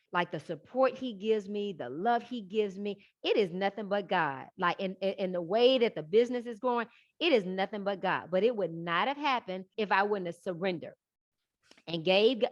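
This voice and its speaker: A woman guest on a podcast, telling her story in a lively, casual way and acting out the voices she quotes. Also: medium pitch, no room sound. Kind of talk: casual interview talk. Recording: dull lo-fi, dry.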